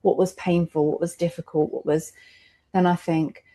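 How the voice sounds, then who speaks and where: A woman's voice: fairly low pitch, little pitch movement, normal speed, mellow. A mother in a candid roundtable conversation, speaking reflectively and emotionally, often laughing between her thoughts.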